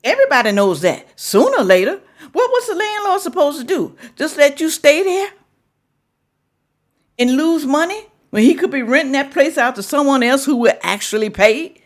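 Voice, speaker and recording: Animated scolding woman. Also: high voice, normal speed. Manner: scolding, lecturing and repeating points. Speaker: reaction video host. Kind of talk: reaction commentary.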